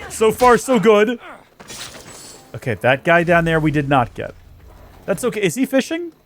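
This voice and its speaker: A man giving chatty let's play commentary in a fairly high voice. His pitch swings widely as he jokes and mocks himself while he plays. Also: sing-song, normal speed, slight background noise. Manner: chatty, joking, self-mocking. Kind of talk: gameplay commentary.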